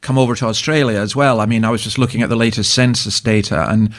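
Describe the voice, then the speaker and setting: A man's voice: fairly low pitch, fairly even intonation, quick pace. An older man with a Scottish accent, a minister telling stories in a casual interview, chuckling and often restarting his sentences. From Scotland. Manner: chatty storyteller, chuckling, frequent restarts. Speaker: guest minister.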